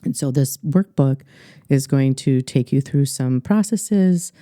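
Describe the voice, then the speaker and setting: A middle-aged woman with an Upper Midwest American accent, a life coach telling her story earnestly in a podcast interview, halting with many fillers. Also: very deep voice, dark tone, dry recording, studio quality.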